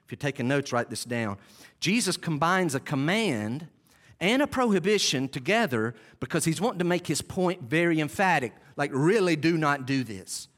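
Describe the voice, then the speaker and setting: A pastor with a fairly high, fairly bright, expressive voice preaches at a normal speed in a church sanctuary. He speaks emphatically, repeats his main points, and slips in conversational, self-deprecating asides to the people listening.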